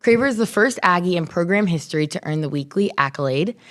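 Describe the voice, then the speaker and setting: A woman reading sports news updates on a talk show in a brisk, upbeat way. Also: lowish voice, lively intonation, fairly bright tone. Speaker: news and social media update reader.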